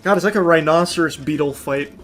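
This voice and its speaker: A man streaming a game, shouting, swearing and laughing in bursts between dry asides. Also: on the high side, quick pace, faint music behind. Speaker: gaming streamer. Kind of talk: live gameplay commentary.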